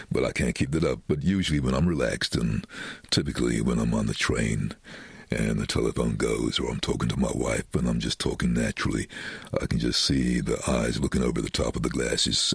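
A man who works as a voice-over artist, telling anecdotes in an interview, animated and quick to slip into other voices. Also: dry recording. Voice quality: very deep, husky voice. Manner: lively, animated storyteller doing quick voices for quoted people.

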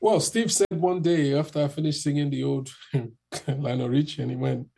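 A man telling a rambling, animated story in a casual interview, acting out the people in it. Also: on the high side, moderate pace, creaky. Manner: rambling, animated, acts out the people in his stories.

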